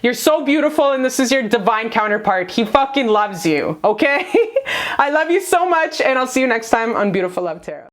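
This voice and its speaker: A woman's voice: fairly high pitch, animated, brisk, few pauses. A young woman giving a love tarot reading to camera, effusive and emotional, swearing freely and repeating "you guys". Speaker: tarot reader.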